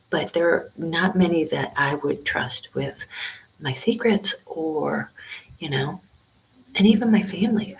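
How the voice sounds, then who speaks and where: Older lady whispering a chatty live stream from a library study room, low voice, rambly. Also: a little mellow, low-quality recording. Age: over 50. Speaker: vlogger doing a livestream. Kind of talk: casual livestream chat.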